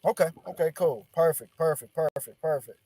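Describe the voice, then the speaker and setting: A man's voice: fairly high pitch, normal speed, dark tone, breathy edge, no room sound, clean studio sound. A man teaching an online class over a video call, encouraging his students and often repeating words.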